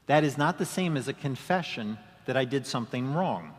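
A male pastor preaching from the pulpit, mid-pitched and measured. He poses rhetorical questions and briefly acts out the excuses he quotes. His voice rings with a long reverb that trails through the sanctuary. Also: expressive. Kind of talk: sermon.

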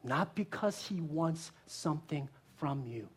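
A woman pastor giving a sermon, earnest, asking rhetorical questions and moving between strong emphasis and quiet, hushed lines. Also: sits low, lively intonation, a little slow, breathy edge.

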